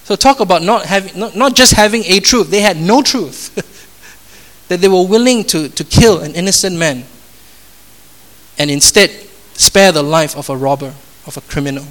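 Emphatic male preacher, fairly high voice. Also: moderate pace, fairly bright tone. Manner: emphatic, repeats phrases, asks the congregation rhetorical questions. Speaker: pastor. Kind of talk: sermon.

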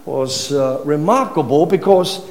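Male preacher, high voice, teaching sermon style with questions to the congregation; reverberant hall sound. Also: a little slow. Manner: teaching, rhetorical questions to listeners, repeats words.

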